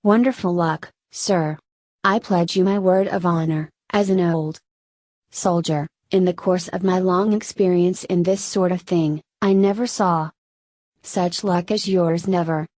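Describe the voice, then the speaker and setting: A woman reading a hoarse, flattering old soldier. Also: on the low side, measured pace, dry recording. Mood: effusive. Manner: effusive, flattering, exclamatory. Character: flattering boisterous old male French ex-soldier. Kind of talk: audiobook character reading.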